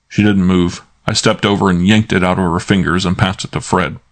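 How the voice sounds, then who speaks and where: Male audiobook narrator, low voice, brisk and wry first-person read. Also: steady tone.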